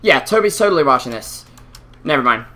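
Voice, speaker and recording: A man's voice: medium pitch, sing-song, brisk, bright, forceful tone. A male esports caster in casual chat, self-deprecating, breathing heavily into a close mic. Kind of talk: casual chat between game commentary.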